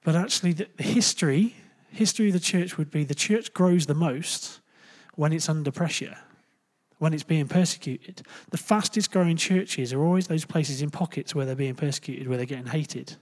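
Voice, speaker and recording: A young man preaching a relaxed, conversational sermon, chatty and joking, with lots of fillers and quick self-corrections. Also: a little high. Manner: animated, jumps into loud playful asides.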